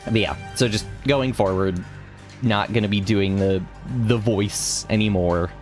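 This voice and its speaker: Young male streamer, low-ish voice, loose rambling chat over faint game music. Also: fairly even intonation, unhurried. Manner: rambling, many restarts and laughs. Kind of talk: casual gaming stream chat. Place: home room.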